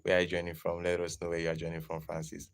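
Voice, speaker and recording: A young man chatting casually on a live stream, lively and greeting viewers in the chat as he talks. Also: deep voice, racing, clear, resonant tone. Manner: animated, greets chat viewers, slips into pidgin.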